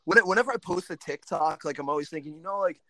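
A young man talks as a podcast guest, his voice a bit high. He stops and restarts often, filling gaps with "like." The sound is dry and close. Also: fast talker, fairly bright tone, no room sound. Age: young adult. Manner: hesitant, many restarts and likes. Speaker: guest, college student. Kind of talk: casual podcast chat.

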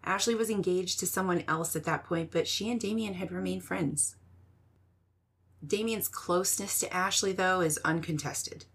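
A woman hosting a podcast, giving measured, scripted true-crime narration. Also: fairly low pitch, vocal fry, a bit bright, breathy edge.

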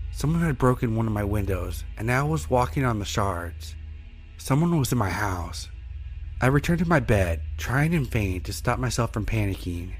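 A man reading a first-person horror story in a steady, measured way as narrator. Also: medium pitch.

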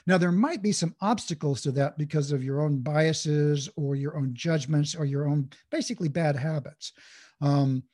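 Interview guest, male, husky and fairly high, reflective coach who restarts as he thinks. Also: moderate pace, a little mellow. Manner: thoughtful, with frequent restarts. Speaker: guest, mindful communication coach. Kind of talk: reflective conversational explanation.

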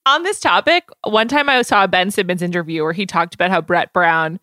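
Bright bubbly woman co-host. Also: fairly low pitch, no echo. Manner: bubbly, laughing, quick to agree. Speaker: podcast co-host. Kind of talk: casual chat.

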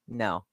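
A woman's voice: fairly high pitch, sharp tone, dry recording, studio quality. A woman co-hosting a podcast, teasing and laughing easily in casual banter. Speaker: podcast co-host.

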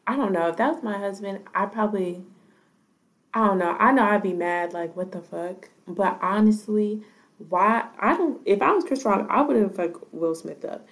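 A woman's voice: medium pitch, normal speed. A woman chatting casually, blunt and profane, often hedging her opinions. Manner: blunt, profane, hedges with "I don't know". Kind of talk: casual chat.

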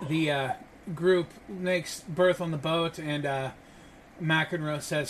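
A man runs a tabletop game, narrating scenes in a slightly raised voice. He fills his sentences with pauses and fillers as he thinks. A faint room hum sits under the voice. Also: a little high. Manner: relaxed narration with frequent fillers. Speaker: game master.

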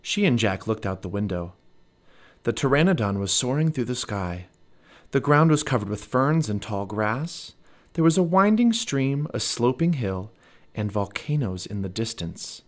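A man in his thirties reading a children's book aloud as a podcast storyteller, expressive and animated. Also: mid-range voice, a little slow.

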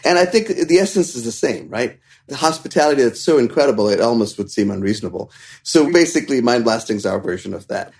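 A man's voice: fast talker, vocal fry. A middle-aged man from India, a chef and restaurant owner, telling stories in a casual interview, acting out quotes in a raised voice and laughing between lines. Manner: animated storyteller who acts out quotes in a higher voice and laughs between lines.

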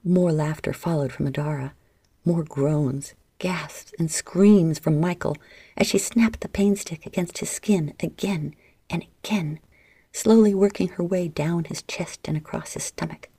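A woman narrating an erotic story in a soft, half-whispered delivery close to the mic. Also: on the low side, a little slow, breathy edge, no echo.

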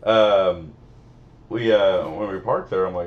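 A man's voice: deep voice, slow, highs cut off. A man co-hosting a podcast, telling rambling, profane, joking stories in casual banter. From Missouri. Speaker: podcast co-host.

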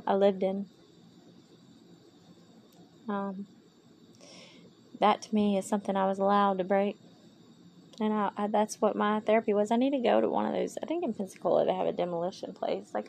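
Her voice is medium in pitch with audible vocal fry, and a little background noise creeps in. The exhausted woman talks her way through a meandering, heartfelt podcast monologue in a Valley Girl-ish lilt, holding her phone as she walks around a yard after dark.

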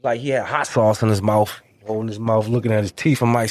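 A man's voice: fairly quick, hardly any pauses, dry recording, clean studio sound. A middle-aged man telling a story in casual, slangy, profane talk, acting out quotes with big jumps in his voice. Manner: animated, acts out quotes with big pitch jumps. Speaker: guest.

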